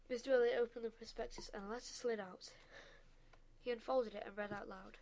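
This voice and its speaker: A woman narrating a children's story in a measured, expressive way. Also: medium pitch.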